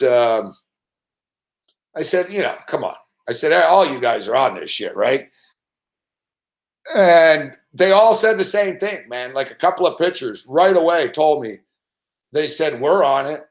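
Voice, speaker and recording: A man's voice: on the high side, animated, a little slow, long pauses. A middle-aged man hosting a sports betting show, swearing constantly as he rants and tells stories, acting out the other people in them. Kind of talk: profane casual rant.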